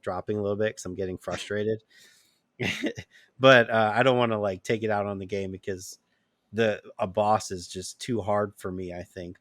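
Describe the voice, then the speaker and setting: A man's voice: on the low side, fairly bright tone, no room sound, studio quality. A man co-hosting a gaming podcast, chatting casually, peppering his talk with "like" and laughing at himself. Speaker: podcast co-host. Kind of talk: casual chat.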